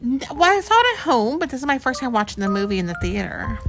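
Woman reading a picture book to her kid, lively pitch, quiet music under it. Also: quick pace. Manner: chatty, animated, asks the child questions. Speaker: parent reading to her child. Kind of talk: storybook read-aloud.

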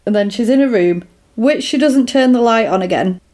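Woman gabbing through a movie plot, mellow voice, loads of likes and ums. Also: a little high, normal speed. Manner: rambling, animated retelling with lots of fillers. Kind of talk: casual chat retelling a film plot.

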